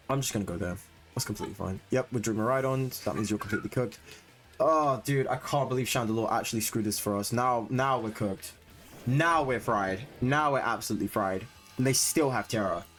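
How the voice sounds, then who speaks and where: Excitable man commentating his gameplay. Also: mid-range voice. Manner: excitable, swings into loud frustrated rants. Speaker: gaming streamer. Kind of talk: live commentary on competitive battles.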